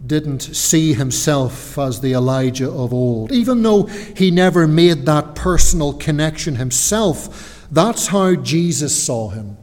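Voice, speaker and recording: A man preaching a sermon in a church, earnest and emphatic, with deliberate pauses. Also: fairly high pitch, darkish tone, big-room sound.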